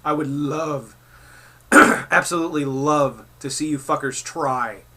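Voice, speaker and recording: Man ranting hotly, sharp bright voice. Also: fairly high pitch, takes it slowly. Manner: profane, heated and mocking. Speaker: commentary vlogger. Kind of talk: angry rant reacting to clips.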